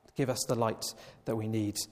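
A man preaching a Sunday evening sermon, slow and emphatic, with long pauses. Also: fairly low pitch, steady tone, warm tone. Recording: long reverb of a church hall.

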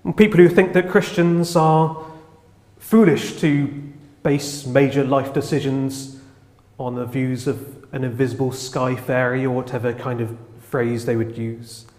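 A man's voice: mid-range voice, darkish tone. A man preaching a sermon, opening with light jokes before turning earnest and reflective. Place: church. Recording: echoey church hall, long reverb.

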